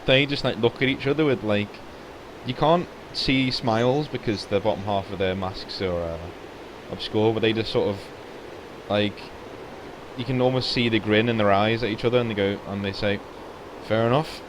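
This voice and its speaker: A man's voice: on the low side, steady tone, normal speed. A man narrating a tabletop game as game master, rambling with many fillers and restarts. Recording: noisy home recording.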